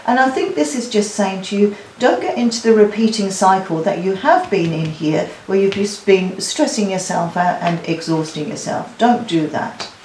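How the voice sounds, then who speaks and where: Woman tarot reader, warm-hearted chatter to her cards, recorded in an echoey room. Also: mid-range voice, expressive, normal speed, slight background noise. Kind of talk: weekly tarot card reading.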